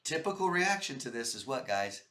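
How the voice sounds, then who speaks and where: Very animated at a normal speed, a medium-pitched man with a sharp tone addresses viewers in an echoey room. His monologue is life-coaching advice aimed straight at the camera, full of emphasis and repetition, with the audience called "guys."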